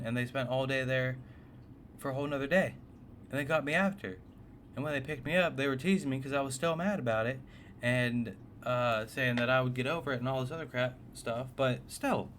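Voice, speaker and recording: A man's voice: medium pitch, fairly bright tone, a little hiss or hum. Profane, exasperated man telling a story. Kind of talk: casual storytime narration.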